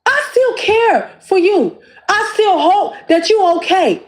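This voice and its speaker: High-pitched woman, impassioned and preachy. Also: very animated, slow. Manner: preachy and emphatic, repeats phrases. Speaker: YouTube creator. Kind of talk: impassioned direct-to-camera monologue.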